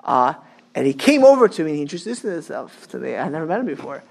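A man's voice: on the high side, very animated, fast, creaky. A man giving an informal Torah class, chatty and repetitive, dropping in Hebrew and Yiddish terms.

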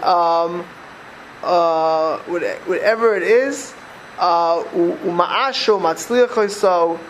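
A man's voice: high voice, slight background noise, rough recording. An older man giving a conversational Torah class, repeating phrases and asking his listeners rhetorical questions. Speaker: religious teacher.

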